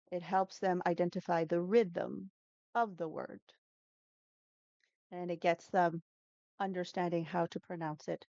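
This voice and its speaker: A woman's voice: lowish voice, a little mellow, dry recording, dull audio. A woman who teaches English, talking through pronunciation tips in a casual interview, explaining patiently and demonstrating sounds with frequent fillers.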